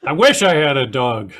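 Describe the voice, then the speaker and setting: A man's voice: sits high, noisy background. An older man doing a dry, self-deprecating stand-up set over a video call. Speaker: stand-up comedian.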